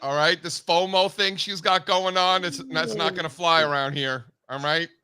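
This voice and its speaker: A man's voice: fairly high pitch, fairly even intonation, sharp tone, clear, resonant tone. A man hosting a casual market show, joking with his co-hosts and then reading off futures prices at speed. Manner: fast, joking banter with market quotes. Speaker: show host.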